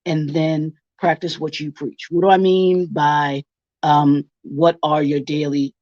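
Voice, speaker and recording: A man's voice: a little high, flat delivery, slow pace, darkish tone, no room sound. A man from Baltimore giving a workshop presentation, asking rhetorical questions and restating each point. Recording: dull, dry lo-fi recording.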